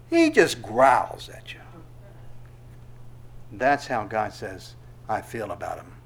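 A male pastor preaching a sermon, animated and emphatic, with sudden loud bursts. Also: mid-range voice.

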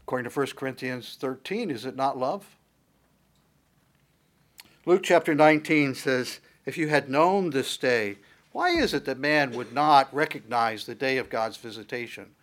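Speaking a little slowly, this middle-aged pastor preaches at a medium pitch. Rhetorical questions come again and again as he builds his argument in a steady, sermon-style rhythm.

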